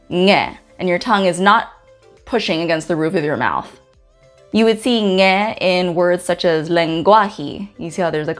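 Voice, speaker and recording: A woman from Guam hosting a pronunciation lesson, saying each letter slowly and carefully with example words. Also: lowish voice. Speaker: host teaching the Chamorro alphabet. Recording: faint music in the background.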